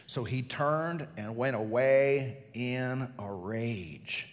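A man's voice: medium pitch, drawn-out words, hardly any pauses, big-room sound. A male pastor preaching a sermon, telling the story vividly and putting questions to the congregation.

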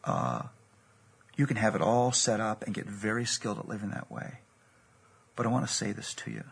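A man's voice: lowish voice, normal speed. A man preaching a sermon, telling a personal story in an earnest, storytelling way. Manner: gravelly, husky, earnest storytelling.

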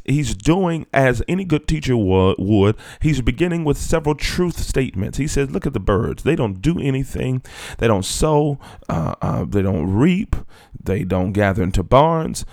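Male preacher at mid pitch, dry and close, who reads verses and then unpacks them in slow, emphatic phrases. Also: darkish tone, dry recording. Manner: reads scripture aloud, then explains it in plain talk; slows down and drops low for emphasis. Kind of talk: sermon.

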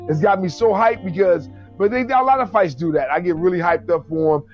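A man in casual chat about fights, animated and profane, often acting out quotes. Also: sits high, brisk, highs cut off, soft background music.

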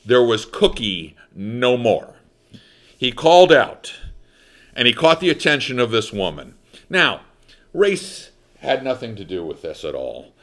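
A man from the United States hosting a talk show, telling a story in a theatrical, emphatic monologue that swings between loud and soft. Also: medium pitch, very animated, a little slow. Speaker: talk radio host.

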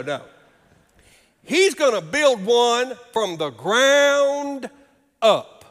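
A man preaching a sermon as pastor, swinging from loud raised calls to hushed low asides. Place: church sanctuary. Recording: long reverb in a large hall with faint music.

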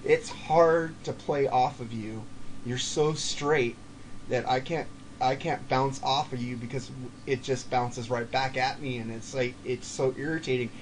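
A man's voice: medium pitch, fairly even intonation, measured pace, slight background noise. A man telling heated stories on a podcast, swearing freely. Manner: profane, heated storytelling. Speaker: podcast guest. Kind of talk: casual podcast chat.

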